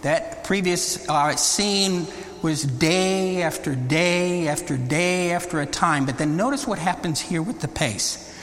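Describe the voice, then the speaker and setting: A man preaching a Bible teaching sermon, deliberate and emphatic, often rising into exclamations. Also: on the high side, fairly bright tone. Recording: long reverb of a large hall.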